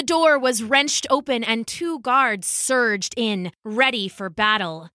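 A woman reading a children's storybook aloud in an expressive, unhurried way. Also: fairly high pitch, no room sound, studio quality. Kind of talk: storybook read-aloud narration.

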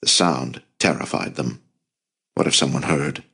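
Guy narrating an audiobook, really deep voice, even and measured. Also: vocal fry, husky. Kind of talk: scripted narration.

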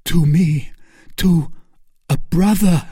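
A man's voice: fairly high pitch, slow, dark tone, slightly rough, dry recording, studio quality, pitched above the performer's own voice. A man voicing a young Puritan officer who speaks earnestly and urgently, torn between duty and pity. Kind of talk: audiobook character voice.

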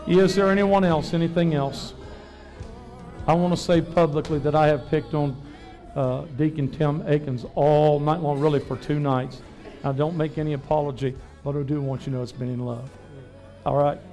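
A man, pastoring a revival service, preaching fervently and then dropping to soft personal asides during altar prayer. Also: a little high, fairly even intonation, normal speed, soft background music. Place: church sanctuary.

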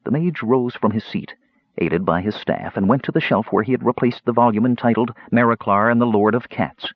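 A man narrating a fantasy audiobook in a measured, expressive storytelling manner. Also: mid-range voice, slightly rough, no room sound, dull audio.

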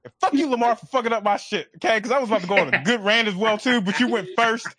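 A man bantering on a podcast in a loud, profane, mock-angry way. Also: high-pitched, rapid-fire.

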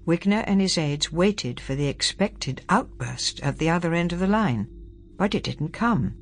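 A woman narrating an audiobook with an expressive, varied reading. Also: fairly low pitch, moderate pace, soft background music.

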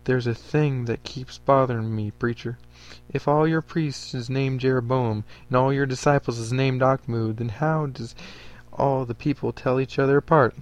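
A sneering, contemptuous starship captain, as read by a man in a storybook reading, pitched in an everyday middle register and sliding into a folksy frontier drawl when he means to threaten. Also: fairly even intonation, normal speed, few pauses, natural voice.

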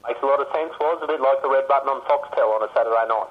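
A man's voice: mid-range voice, racing. An Australian man co-hosting a casual sports chat from a remote location, giving blunt, dry opinions. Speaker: co-host. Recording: muffled remote phone line.

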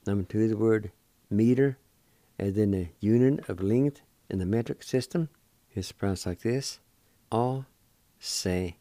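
A man's voice: on the low side, moderate pace, mellow, no echo. A man hosting a radio language lesson, spelling words out and pronouncing them carefully, syllable by syllable, with repeats. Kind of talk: slow spelling and pronunciation lesson.

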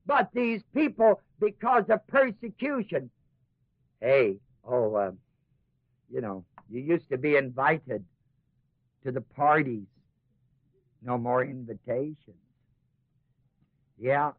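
A man's voice: medium pitch, animated, slow pace, long pauses, no echo. A man teaching a Bible class in sermon style, acting out the voices of doubters in asides and then pressing his points with rising emphasis. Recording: tinny lo-fi old tape, dry.

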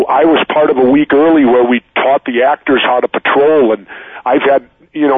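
A man's voice: medium pitch, breathy edge, dry recording. A man in his sixties, a guest in an interview, telling stories casually with frequent restarts. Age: 60s. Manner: loose storytelling with frequent restarts. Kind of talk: casual interview over the phone. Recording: tinny dry phone line.

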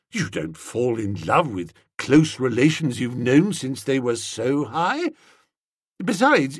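A man reads a comic first-person story in a wordy, mock-pompous, playful manner. His husky voice leaps widely in pitch. The sound is close and dry. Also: fairly bright tone, dry recording. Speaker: audiobook narrator.

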